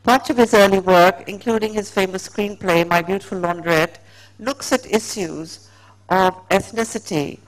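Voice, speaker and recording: A woman's voice: medium pitch, poor audio. A woman moderating at a literary festival, reading a prepared biography to introduce the guest. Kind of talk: formal introduction. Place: festival stage.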